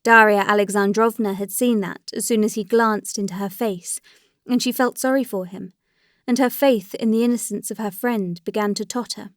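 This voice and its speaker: A woman narrates a classic novel at a steady, even pace. Her voice sits at a middle pitch for a woman. The recording is dry, close and free of room sound. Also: normal speed, no echo. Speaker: audiobook narrator.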